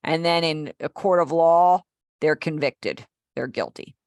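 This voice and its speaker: A woman's voice: low-pitched, a little slow, darkish tone, dry recording, clean studio sound. A middle-aged woman teaching a live online class, explaining patiently and checking in with her students. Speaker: sign language teacher.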